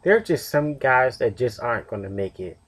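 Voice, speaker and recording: A man's voice: medium pitch, very animated, a little fast, fairly bright tone, husky. A tired young man casually reviewing a wrestling show on his own, rambling with fillers and self-corrections. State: tired, yawning.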